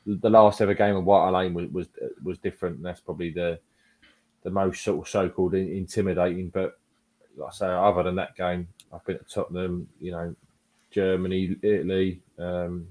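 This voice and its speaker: A man with a very deep voice co-hosts a casual fan chat. He talks in a laid-back, blunt manner and leans on fillers as he thinks aloud. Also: level tone, brisk, darkish tone. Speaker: podcast co-host.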